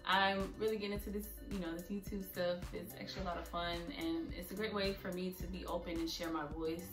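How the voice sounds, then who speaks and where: A woman's voice: lowish voice, level tone, quick pace. Heartfelt young woman vlogging, echoey room. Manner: heartfelt, earnest, openly emotional. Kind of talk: personal story vlog. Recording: echoey room, a bit far from mic, soft music.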